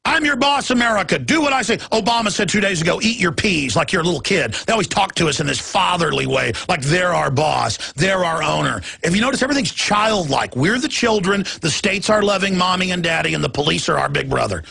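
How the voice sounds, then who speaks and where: Gravelly, bright-voiced ranting man. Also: a little high. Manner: heated, repetitive, ranting, at times yelling. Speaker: talk show host. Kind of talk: political talk show rant.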